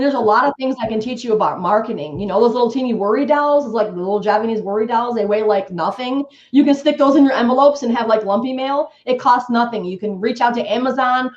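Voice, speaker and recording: A woman's voice: a little high, fast, hardly any pauses. A woman guest coach on a live webinar, talking emphatically and acting out sales scripts. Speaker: guest real estate coach. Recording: echoey, dull lo-fi stream audio.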